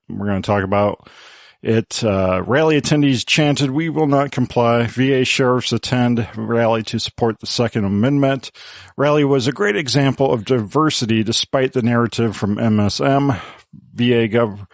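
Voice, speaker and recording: A male podcast host runs a casual panel and rattles through sponsor copy at a brisk clip with a joking edge. His mid-range voice sits close and dry on the mic, with no room around it. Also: mid-range voice, dry recording.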